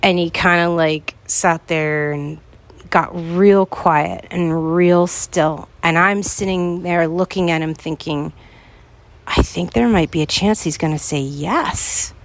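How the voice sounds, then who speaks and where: Earnest low-voiced woman telling her story. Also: slow. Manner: earnest, pleading when recalling her own words. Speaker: podcast host. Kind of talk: personal storytelling to listeners.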